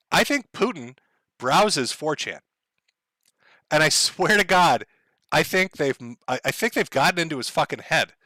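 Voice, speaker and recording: Brief: male livestream host, sarcastic rambling rant, bright and forceful, dry close sound. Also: fairly high pitch, no echo. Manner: rambling, profane, sarcastic, laughs often. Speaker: streamer.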